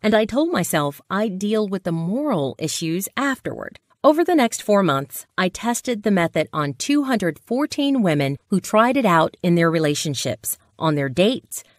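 A woman narrating a dating-advice sales pitch as a dramatic personal story. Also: very animated, normal speed, few pauses, no echo, clean studio sound.

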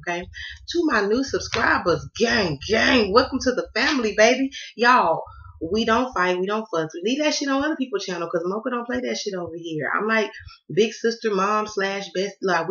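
A woman's voice: medium pitch, a bit bright, lo-fi sound. A woman with a Southern American accent, a tarot reader chatting to her viewers, sassy and swearing freely with sing-song greetings. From Southern United States. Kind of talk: casual chatty vlog address.

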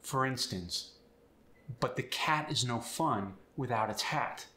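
A man teaching accents and explaining sounds step by step in an upbeat, clear way. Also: mid-range voice, slow, pushed and bright, roomy sound. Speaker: accent coach. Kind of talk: instructional video.

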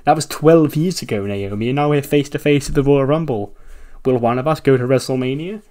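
A proud veteran woman wrestler, earnest and steady as she faces an old rival, as a man speaks her lines in his own voice. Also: medium pitch, a little fast, natural voice. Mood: challenging.

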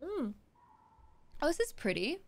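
A young woman hosting a let's play, chatting curiously and reading game text aloud slowly as she thinks. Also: high-pitched, big pitch swings, creaky.

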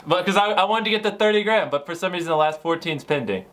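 A man's voice: high-pitched, quick pace, fairly bright tone. A young man hosting his video, talking in eager, hyped casual commentary and saying "dude" a lot. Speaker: video host making donations.

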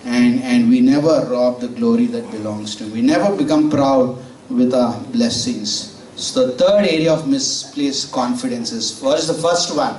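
A man's voice: medium pitch, moderate pace, a little mellow, slight background noise. A man preaching a sermon in a conversational way, telling stories and asking the congregation questions. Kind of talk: sermon with storytelling. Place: church sanctuary. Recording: roomy church audio from far off.

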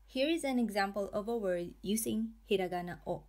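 A woman teaching a language lesson, pronouncing each example slowly and carefully in a scripted narration. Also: medium pitch, dark tone. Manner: slow, careful, drawn-out pronunciation.

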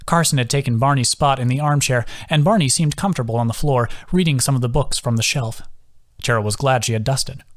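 A man's voice: medium pitch, a little fast. A man, the author, reading his own fantasy novel as scripted audiobook narration. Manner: steady storytelling.

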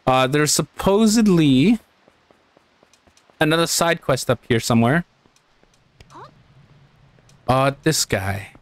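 A man hosting a casual let's-play, excitable and quick to swear, yelling and cheering as he plays. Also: on the high side, no echo. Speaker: gaming channel host.

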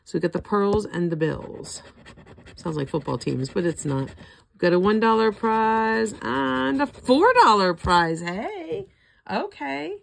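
Slow gravelly older woman, hoarse. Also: medium pitch, expressive, a little hiss or hum. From Florida. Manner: slowly calls out ticket symbols one by one, chatty asides. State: hoarse, throat not cooperating. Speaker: scratch-off ticket vlogger. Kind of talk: casual running commentary.

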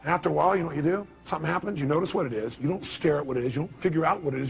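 A man giving a motivational seminar to a live audience, telling stories with animated, acted-out quotes and sudden leaps in pitch. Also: rapid-fire, vocal fry, hardly any pauses. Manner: animated storytelling, acts out quotes with big pitch jumps. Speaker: motivational speaker.

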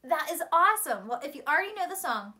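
A woman teacher with a high, bouncy voice that swoops up and down as she leads a storytime lesson for young kids. Her tone is bright and crisp, full of encouragement and praise. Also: quick pace. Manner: animated, encouraging, speaks to young children. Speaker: primary school teacher.

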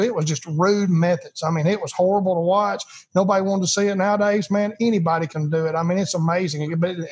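A man's voice: high-pitched, breathy edge. A man who trains hunting retrievers, guesting on a podcast and talking in a folksy, emphatic way that repeats words for stress. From United States. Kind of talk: casual interview talk.

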